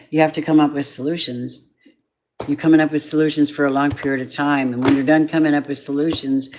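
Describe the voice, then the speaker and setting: A woman's voice: low-pitched, darkish tone, slight background noise. A woman giving a collective tarot reading in a rambling, candid way, swearing often and drifting into spiritual asides. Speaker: tarot reader.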